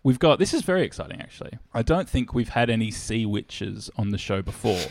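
Dry, lively man hosting a quiz. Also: fairly low pitch, a little fast, gravelly, no room sound. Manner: playful, deadpan questions. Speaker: quiz podcast host. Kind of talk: comedic podcast banter.

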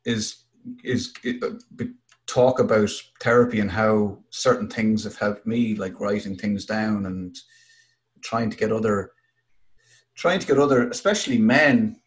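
A man's voice: fairly low pitch, a little slow. A man with an Irish accent hosting a podcast, asking questions in casual chat, often stumbling and restarting. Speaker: podcast host.

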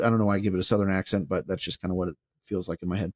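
A former pastor with a fairly low voice talks on a podcast, animated and rambling, often restarting his sentences. The sound is dry and close, with no room around it. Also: rapid-fire, dry recording. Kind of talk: casual chat.

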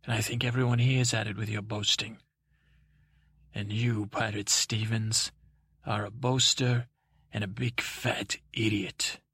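A man's voice: on the low side, measured pace, slightly rough, no echo, heavily acted. A man doing a proud tomcat knight. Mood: indignant. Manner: formal, stern and calm.

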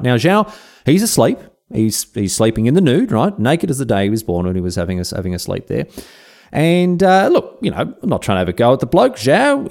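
A man's voice: mid-range voice, a little mellow. A man hosting a podcast, telling history as comedy with irreverent, slangy asides and the odd swear word. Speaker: podcast host.

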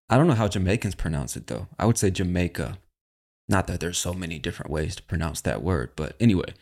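A man's voice: low voice, expressive, fast, darkish tone. A man with an American accent hosting an accent quiz podcast in laid-back, slangy, playful casual chat. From United States. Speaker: podcast host.

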